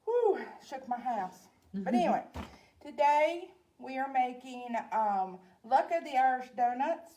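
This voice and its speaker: High-voiced chatty Southern woman. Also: very animated, a little slow, mellow, a little hiss or hum. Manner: chatty, folksy, addresses viewers as y'all. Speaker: library program host. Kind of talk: casual cooking demonstration.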